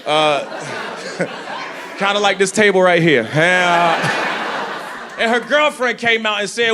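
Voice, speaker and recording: A man performing a loud, animated stand-up set in a comedy club, telling stories full of voices and shouts. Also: sits high, a little slow. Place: comedy club with live audience. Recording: live club recording with crowd laughter and noise.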